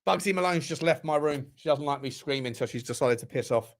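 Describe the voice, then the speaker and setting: A man hosting a live football watchalong from his room at home, commenting on the match, swearing and yelling at the players. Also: fairly high pitch, brisk. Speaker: football channel host.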